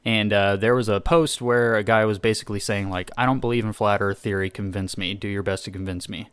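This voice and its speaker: A man's voice: lowish voice, steady tone, brisk, smooth, no room sound. A young man co-hosting a podcast, telling stories in casual chat in an exasperated, swearing tone. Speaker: podcast co-host.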